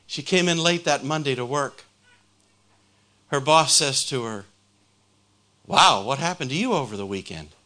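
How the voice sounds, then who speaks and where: Male preacher, slow deliberate delivery, bright forceful tone, fervent sermon storytelling. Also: medium pitch.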